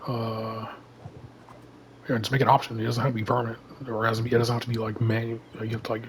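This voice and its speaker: A man's voice: mid-range voice, completely flat delivery, fast talker, a little hiss or hum, low-quality recording. A man talking casually to his viewers about a video game, rambling and filling his talk with "you know" and "like". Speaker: gaming YouTuber. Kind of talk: casual vlog commentary.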